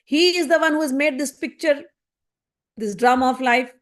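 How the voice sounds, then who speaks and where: A woman's voice: high-pitched, normal speed. A woman retelling a spiritual story in a conversational, explanatory way, full of rhetorical questions.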